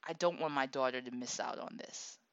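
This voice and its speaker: A woman in her thirties telling a personal story about her daughter, animated, laughing often and acting out what people said. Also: a bass voice, brisk, no room sound. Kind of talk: casual storytelling monologue. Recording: dull, dry lo-fi recording.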